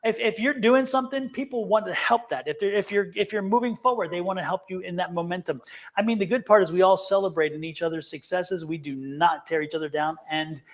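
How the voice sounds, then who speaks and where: A man's voice: high-pitched, brisk. A man co-hosting a live tarot stream, talking in an earnest, emphatic way and often repeating himself. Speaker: tarot reader, co-host. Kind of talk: casual live-stream chat.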